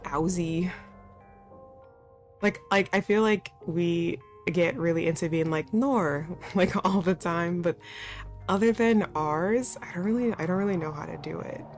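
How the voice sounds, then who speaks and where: A woman's voice: on the low side, unhurried, a little mellow. A woman streamer chatting casually while playing, often laughing and poking fun at herself. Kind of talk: casual let's-play commentary. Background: faint background music.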